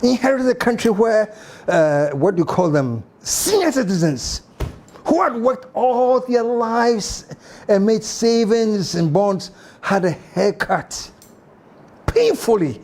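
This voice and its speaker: A man with a Ghanaian English accent hosting a political commentary show, emphatic and animated with mocking asides. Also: high-pitched, slow pace.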